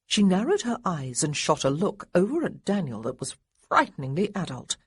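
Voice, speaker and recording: A woman narrating a historical romance audiobook in an expressive way, lightly voicing the characters. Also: fairly low pitch, normal speed, slightly rough, no room sound, studio quality. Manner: expressive, voices the boys lightly. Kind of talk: scripted narration.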